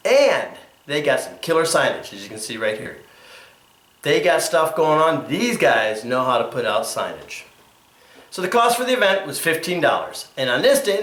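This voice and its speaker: A man's voice: medium pitch, a bit bright, roomy sound. A man hosting an archery video, talking in a chatty, jokey and rambling way. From Connecticut, USA. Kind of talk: casual vlog narration.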